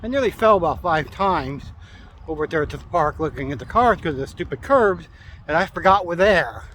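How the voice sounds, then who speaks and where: A man's voice: a little high, lively intonation, moderate pace, a bit bright, slight background noise. Ranting man outdoors. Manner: grumbling, sarcastic ranting. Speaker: vlogger. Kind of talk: casual outdoor vlog rant. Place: outdoors in a town, near traffic.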